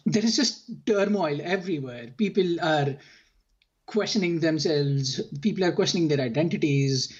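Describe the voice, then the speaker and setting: A man with a fairly high, husky voice co-hosts a podcast, musing in a reflective, thinking-aloud way. His mic sounds dull and lo-fi. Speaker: podcast co-host. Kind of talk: casual podcast chat.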